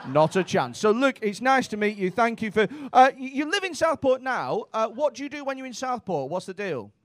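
Man, stand-up comic, high voice, brash teasing banter, handheld stage mic. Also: sing-song, brisk, a bit bright, no echo, clean studio sound. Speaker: stand-up comedian. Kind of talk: stand-up crowd work. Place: comedy club stage.

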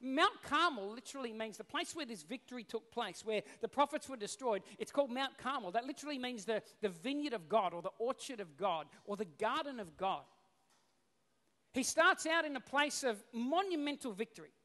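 A male pastor preaching a sermon, telling the story in an animated, casual way. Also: very high-pitched, a little fast. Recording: long reverb in a hall.

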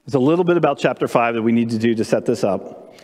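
A man preaching during a church service, telling a story in an animated way and asking the congregation questions. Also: mid-range voice, fast, big-room sound. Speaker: pastor. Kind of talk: sermon with storytelling. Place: church sanctuary during live-streamed service.

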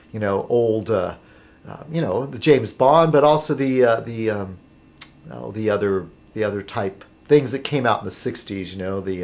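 A man vlogging casually to his subscribers, rambling and halting, with many fillers and restarts as he sips a beer. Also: fairly low pitch. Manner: chatty while sipping beer.

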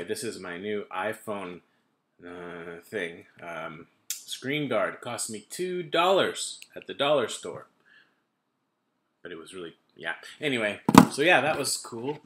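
A man's voice: lowish voice, bright, forceful tone, roomy sound. A man in his thirties rambling casually at his laptop camera at home, making self-deprecating asides. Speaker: vlogger. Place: home room with kitchen items.

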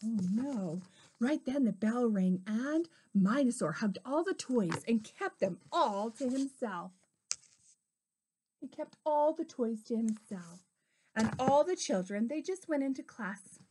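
A woman reading a picture book aloud to a preschooler, stopping to talk to the child in an animated way. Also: on the high side, slow pace, slight background noise. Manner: animated, talks to the child between lines. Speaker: storyteller.

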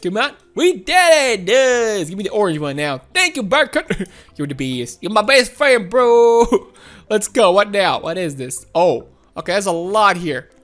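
A woman hosting a gaming channel, giving excitable, playful let's-play commentary with frequent laughs and shouts. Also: medium pitch, measured pace, soft background music.

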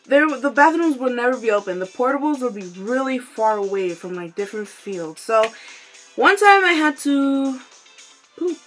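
A fairly high-pitched young woman tells a story to her camera in a loose, candid vlog style. She giggles through it, swears freely and keeps apologizing to her viewers, with faint instrumental music under her voice. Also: animated, normal speed, poor audio. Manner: giggly, breaks into laughter often; candid and profane, apologetic asides. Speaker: vlogger.

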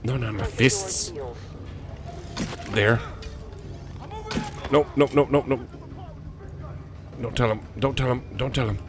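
A man's voice: mid-range voice, takes it slowly, pauses often. A man with a cold giving frantic, jokey commentary while playing a video game. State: has a cold. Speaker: let's play gamer. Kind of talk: gaming commentary.

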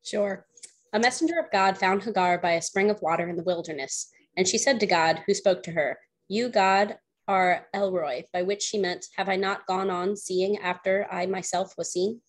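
A woman's voice: medium pitch, normal speed. A woman taking part in an online class, reading a passage aloud.

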